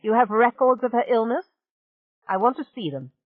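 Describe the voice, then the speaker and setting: A woman's voice: on the high side, animated, normal speed, dry recording, phone-quality sound, voice pushed up, natural voice. A woman voicing a cold, commanding male warlord who gives curt, impatient orders.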